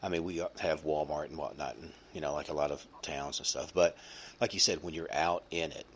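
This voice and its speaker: Man, podcast host, deep voice, rambling casual talk, faint background hum. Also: steady tone, a little fast, a bit bright. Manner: rambling, many fillers and restarts. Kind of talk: casual chat.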